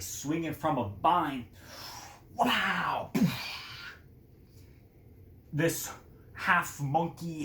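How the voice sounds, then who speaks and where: A man's voice: on the high side, fairly bright tone. A man casually telling a story, rambling with many fillers. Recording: roomy echo, faint noise.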